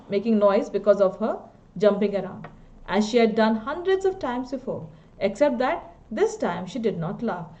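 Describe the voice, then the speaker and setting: A woman's voice: a little high, warm tone, muffled recording. A woman teacher with an Indian English accent, reading a story aloud and stopping to explain its words.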